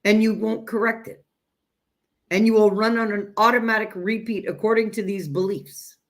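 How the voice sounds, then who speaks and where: A woman teaching self-growth in a direct spiritual talk, speaking emphatically and deliberately and addressing listeners as "you guys". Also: mid-range voice, steady tone.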